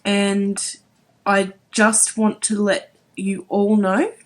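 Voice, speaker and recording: A woman in her thirties, a home beauty vlogger, speaks emotionally to camera in a mid-range voice with little pitch movement and drawn-out words. Her voice wavers near tears as she talks earnestly and heartfelt, repeating herself and saying "like" a lot.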